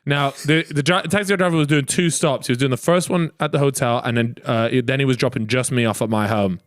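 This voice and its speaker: A young man on a podcast, telling a story in casual chat, animated, laughing often and swearing freely. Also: mid-range voice, brisk. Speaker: podcast co-host.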